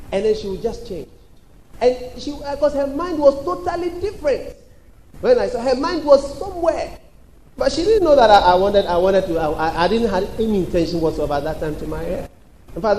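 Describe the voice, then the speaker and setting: A high-voiced man preaches with insistent repetition, calling on the congregation and shouting out quoted voices. His tone is mellow rather than bright. The sound is roomy, with a faint hum in the church hall behind him. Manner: emphatic, repetitive preaching with call-and-response. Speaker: pastor. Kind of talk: sermon. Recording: echoey church hall with faint background noise.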